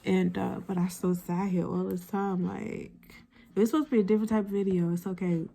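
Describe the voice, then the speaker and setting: A woman's voice: medium pitch, little pitch movement, brisk, creaky, mellow. A woman in her fifties speaking earnestly and from the heart in a vlog, late at night at home. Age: 50s. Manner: earnest, heartfelt, drifts between talking and whispering. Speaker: vlogger. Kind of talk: emotional motivational vlog.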